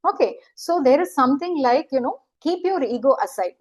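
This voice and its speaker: A woman's voice: sits high, expressive, brisk, a little mellow, low-quality recording. A middle-aged woman, giving an earnest, questioning motivational talk as a life coach. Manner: acts out quoted voices.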